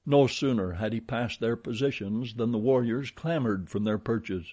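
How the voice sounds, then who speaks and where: A man reading an adventure story aloud in a measured, dramatic storytelling manner. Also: mid-range voice, mellow. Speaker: audiobook narrator. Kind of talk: scripted narration.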